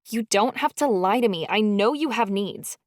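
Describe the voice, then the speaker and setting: A woman's voice: medium pitch, lively intonation, moderate pace, dry recording, lightly acted. A woman acting out a hurt, snide young woman who keeps throwing accusations. The sound is dry and close. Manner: snide, accusing, shouting back.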